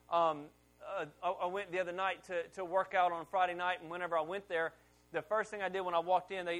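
A middle-aged pastor with a fairly high voice preaches to his church congregation. He talks like he is telling a story to friends, then gets loud and pushes hard on his key points. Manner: conversational storytelling preacher, rising loud on emphasis. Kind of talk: sermon.

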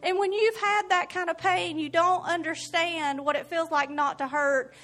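A woman sharing an emotional, earnest church testimony in an animated storytelling way. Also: very high-pitched, normal speed. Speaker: church member giving testimony. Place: church service.

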